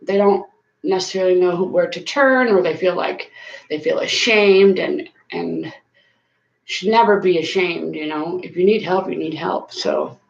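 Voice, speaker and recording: A woman's voice: lowish voice, moderate pace. A woman, talking earnestly and casually to viewers on a live stream from her bathroom, with plenty of fillers. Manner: chatty, earnest, with frequent fillers. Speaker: YouTuber doing a live stream. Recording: echoey small room, slightly dull sound.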